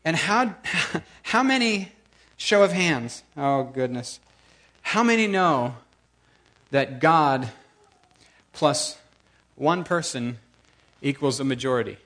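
A male preacher with a notably high-pitched voice delivers a sermon. He talks in a lively, emphatic way, circling back and repeating words for force. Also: slow pace, pauses often.

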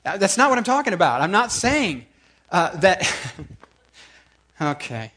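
High-voiced, emphatic male preacher. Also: unhurried. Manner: lively, emphatic, repeats words for effect. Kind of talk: sermon.

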